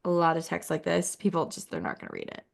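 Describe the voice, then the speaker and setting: A woman walking through a website critique in a relaxed, conversational way. She talks casually and encouragingly, filling her sentences with "like" as she thinks aloud. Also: low-pitched, quick pace, vocal fry. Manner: chatty, encouraging, uses "like" a lot. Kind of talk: casual screen-share critique.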